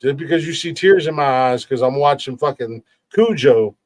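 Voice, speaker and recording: A middle-aged man hosts a podcast in an earnest, emphatic way, with plenty of swearing. His voice sits at a mid pitch and sounds close and dry. He often restarts and repeats words as he pushes his point. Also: animated, moderate pace, no echo. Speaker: podcast host. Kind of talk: casual podcast talk.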